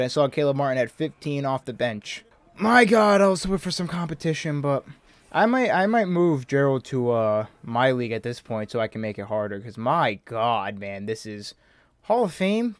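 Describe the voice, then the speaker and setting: A young man hosting his own gaming channel, chatting casually as he plays, muttering flatly at times and yelping with excitement at others. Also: medium pitch, no echo. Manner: chatty, shifts from flat mutters to excited yelps. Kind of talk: casual live game commentary.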